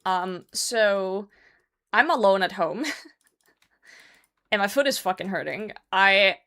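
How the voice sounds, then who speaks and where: A woman streamer telling a story in a casual, animated way, swearing often and laughing as she goes. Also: mid-range voice, slow pace.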